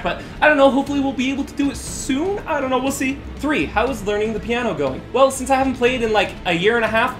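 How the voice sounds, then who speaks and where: Guy doing a comment q&a vlog, rambly and excitable, pokes fun at himself, faint music in the back. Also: high-pitched. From Utah, USA. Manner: excitable, rambling, self-deprecating. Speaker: YouTuber answering viewer questions. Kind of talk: casual vlog Q&A.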